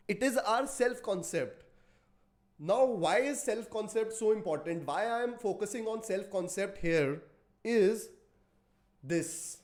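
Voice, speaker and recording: A man's voice: high voice, darkish tone. A man hosting a motivational podcast, speaking emphatically, repeating key phrases and putting rhetorical questions to his listeners. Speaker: podcast host. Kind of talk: motivational talk.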